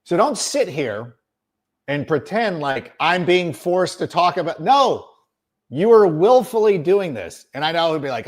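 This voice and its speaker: A middle-aged man hosts a sports podcast in an exasperated, sarcastic monologue. His fairly high voice leaps around with lively swings in pitch, and he leans hard on his words for emphasis. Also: moderate pace. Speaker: podcast host. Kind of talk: ranting sports commentary.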